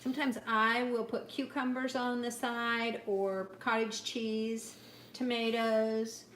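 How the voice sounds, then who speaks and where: A middle-aged woman giving a chatty, upbeat cooking demonstration and product pitch, talking straight to her viewers from a home kitchen. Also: little pitch movement, slow pace, a bit bright, reverberant, distant mic, slight background noise. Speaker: cooking demonstrator and sales consultant.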